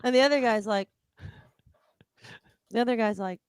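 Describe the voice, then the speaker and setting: A young adult woman co-hosting a casual comedic chat, playfully riffing and dropping into low mock voices. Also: moderate pace, smooth, no echo, rough recording. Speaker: co-host.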